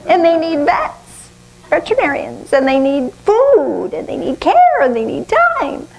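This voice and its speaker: An older woman preaching a sermon in a lively, conversational way, often laughing at herself. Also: extremely high pitch, unhurried, gravelly, rough recording. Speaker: minister.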